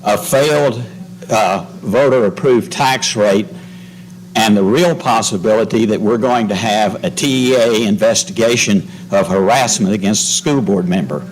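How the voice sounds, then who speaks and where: A man's voice: on the low side, normal speed, a little hiss or hum, low-quality recording. A man giving a public comment at a school board meeting, insistent and urgent, who keeps talking over the chair's interruptions.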